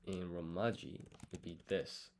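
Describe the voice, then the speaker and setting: A man with a lowish voice works through a study session out loud, drawing out foreign words syllable by syllable and muttering as he corrects himself. His pace is unhurried and halting. Faint keyboard typing and mouse clicks sit in the background. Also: steady tone, a little hiss or hum. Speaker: language learner streaming his study. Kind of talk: thinking-aloud study session.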